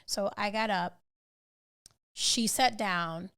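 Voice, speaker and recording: A woman co-hosting a podcast, telling stories in a casual, animated way and swearing freely. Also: mid-range voice, slow pace, clear, resonant tone. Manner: animated storytelling, swearing, laughing often. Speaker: podcast co-host. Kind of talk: casual chat.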